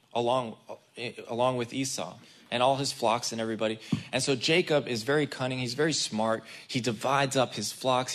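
A guest preacher gives a conversational sermon, casual and chatty, speaking right to the congregation and acting out the people in the story. His voice is mid-range with a fairly bright tone.

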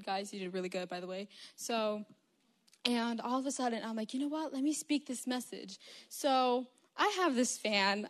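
A woman sharing a testimony at church, telling a story in a chatty, lively way. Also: medium pitch. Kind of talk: informal church talk.

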